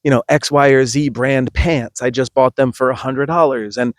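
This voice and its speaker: A man's voice: mid-range voice, steady tone, moderate pace, no room sound, clean studio sound, natural voice. A man doing a whiny yoga-gear shopper.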